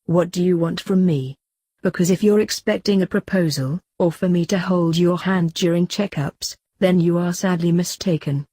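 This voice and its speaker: A harsh, dismissive thousand-year-old vampire man in a storybook, as a woman reads him in her own low voice. He talks coldly and flatly. The sound is close and dry. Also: normal speed, dry recording, close to an everyday voice. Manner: cold and dismissive. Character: cold, harsh ancient male vampire.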